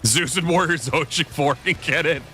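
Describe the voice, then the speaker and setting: A man's voice: fairly high pitch, moderate pace, sharp tone, a little hiss or hum. A young man streaming a video game, chatting casually with his viewers, swearing often and rambling between thoughts. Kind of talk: casual gameplay commentary.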